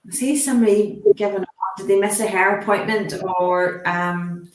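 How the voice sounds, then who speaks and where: Lady medium, soft halting reassuring talk, middle pitch, echoey room. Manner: halting, gently reassuring, asks permission often. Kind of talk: live mediumship demonstration. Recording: roomy echo.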